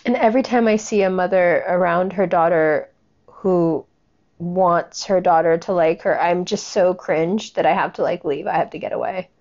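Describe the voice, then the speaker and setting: A woman's voice: on the low side, fairly even intonation, moderate pace, a little mellow, muffled recording. A woman giving a casual commentary rant, blunt, sarcastic and full of swearing.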